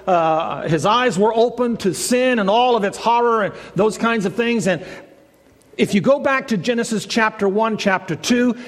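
A man's voice: sits high, moderate pace. A man preaching a sermon in a folksy storytelling way. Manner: folksy storyteller, acts out voices in the joke. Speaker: pastor. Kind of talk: sermon with a told joke. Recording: long reverb of a church hall.

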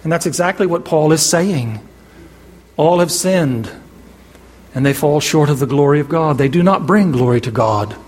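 A man's voice: on the high side, breathy edge. A man preaching a sermon, emphatic, quoting scripture and asking his listeners to call out answers. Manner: emphatic, asks the congregation questions and pauses for answers. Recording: long hall reverb.

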